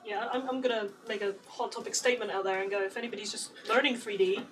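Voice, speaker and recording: A woman's voice: medium pitch, steady tone, quick pace, far from the mic, music in the background. A woman co-hosting a stream, chatting casually and reading out viewer comments. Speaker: co-host reading chat.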